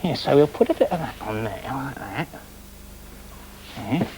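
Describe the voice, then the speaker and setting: A man's voice: medium pitch, expressive, unhurried, mellow, slight background noise, low-quality recording. A man presenting on children's TV, rambling enthusiastically through a daft scripted comedy sketch.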